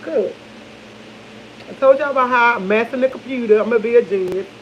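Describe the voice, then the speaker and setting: Brisk and fairly high-pitched, a woman chats loosely to camera over morning coffee, calling viewers y'all, laughing, and often losing track of her thoughts. The recording has its highs cut off and slight background noise.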